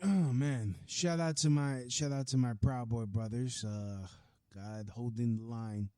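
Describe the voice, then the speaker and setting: Profane ranting man, dark-toned. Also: mid-range voice, fairly even intonation, a little slow, clear, resonant tone, no echo. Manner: profane, heated, swings from mutters to near-shouting. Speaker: podcast host. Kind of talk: ranting solo podcast monologue.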